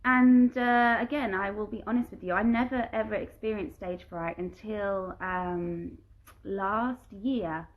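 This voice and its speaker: This woman's mid-range voice stays fairly even in intonation and moves a little slowly, captured on narrow, tinny audio. A musical theatre performer isolating at home, she reads fan questions aloud and giggles through her answers in a casual live-stream chat.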